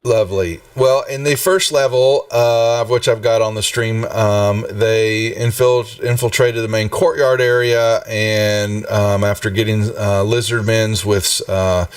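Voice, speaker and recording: A man's voice: on the low side, steady tone, measured pace, few pauses, clean tone, no room sound, distant mic. A man running a tabletop game on a live stream, rambling with many fillers and restarts. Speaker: game master.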